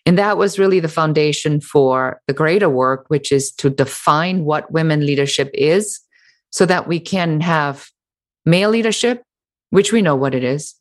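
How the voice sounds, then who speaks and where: A middle-aged woman, an author and business founder, answering interview questions in an animated, emphatic way with sarcastic mimicry. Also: low voice, moderate pace.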